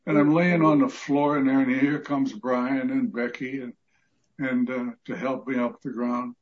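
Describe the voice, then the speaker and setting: An 85-year-old man from a fellowship group gives a heartfelt, emotional testimony of gratitude over a group video call. His mid-range voice keeps a fairly even intonation at a moderate pace, and the audio is muffled and lo-fi.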